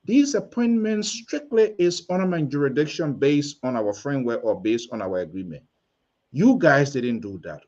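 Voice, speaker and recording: A man's voice: mid-range voice, animated, moderate pace, darkish tone. A man hosting a political talk show, talking in an emphatic, rambling way. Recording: dull lo-fi sound.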